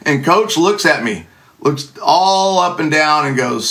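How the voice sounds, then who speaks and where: A man's voice: on the high side, animated, unhurried, sharp tone. A middle-aged man telling a funny personal story in a casual, sarcastic, self-mocking way.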